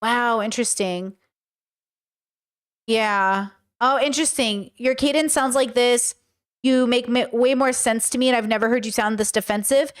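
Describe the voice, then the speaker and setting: A woman's voice: on the high side, moderate pace, smooth. A woman with a Californian accent giving chatty, self-reflective reaction commentary. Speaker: host reacting to a clip.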